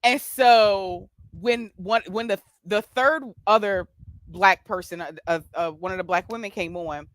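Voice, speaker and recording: A woman's voice: mid-range voice, measured pace, fairly bright tone, dry recording. A woman with a doctorate telling a workplace story in a casual live-stream chat, with many fillers and restarts. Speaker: guest with a doctorate.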